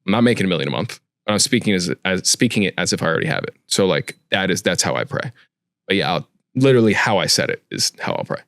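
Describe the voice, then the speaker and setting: A man's voice: low voice, very animated, fast talker, creaky, a bit bright, no room sound, clean studio sound. A man co-hosting a casual podcast, talking bluntly and cursing a lot. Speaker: podcast co-host, tattoo artist. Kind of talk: casual chat.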